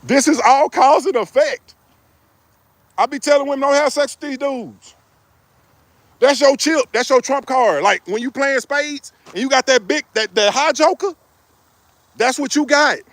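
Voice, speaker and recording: A man's voice: very high voice, normal speed, a bit bright, dry recording. A middle-aged man giving relationship advice in a joking, preachy way. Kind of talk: casual advice monologue.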